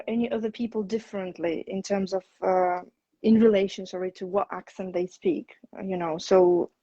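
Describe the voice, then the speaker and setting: A woman English teacher hosting a relaxed conversation, explaining things in a measured, thoughtful way. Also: mid-range voice, no room sound. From outside the UK. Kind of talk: casual conversation on a video chat. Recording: dull lo-fi, dry sound.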